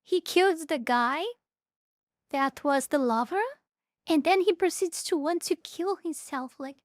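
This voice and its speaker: A woman's voice: very high-pitched, lively intonation, measured pace, no echo, clean studio sound. A woman streamer giving blunt, heated reaction commentary, swearing often and repeating her words. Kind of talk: casual live reaction commentary.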